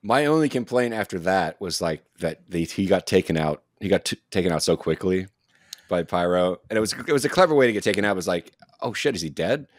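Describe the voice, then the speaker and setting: A man co-hosting a podcast in casual chat, talking quickly with stumbling restarts. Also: low voice, animated, no echo, clean studio sound. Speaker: podcast co-host.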